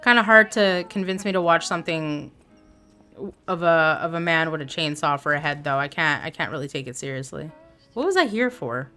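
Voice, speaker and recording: A woman's voice: low-pitched, lively intonation, normal speed, bright, forceful tone, soft background music. A woman streaming a video game live, chatting casually with her viewers and reading their messages aloud. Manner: chatty, reads chat aloud, playful asides. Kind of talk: casual live gameplay chat.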